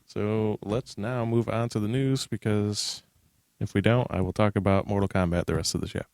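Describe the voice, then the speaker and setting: A man's voice: on the low side, fairly even intonation, moderate pace, a little mellow, smooth, dry recording, studio quality. A man hosting a casual gaming podcast chat, eager and steering the talk along. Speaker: podcast host.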